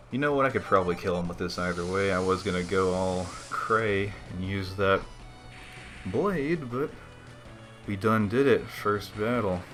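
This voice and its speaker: A man's voice: on the low side, fairly bright tone. A man giving laid-back, slangy commentary while playing a video game and chatting to his viewers. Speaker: let's play host. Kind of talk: casual gaming commentary.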